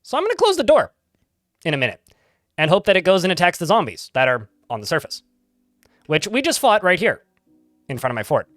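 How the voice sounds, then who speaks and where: A chatty man streaming a game, rambling to his chat with a lively, somewhat high voice that swings up and down. The mic is close and dry, with faint game music underneath. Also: fairly quick, long pauses, no echo. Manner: chatty, rambling, laughs easily. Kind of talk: casual live-stream commentary.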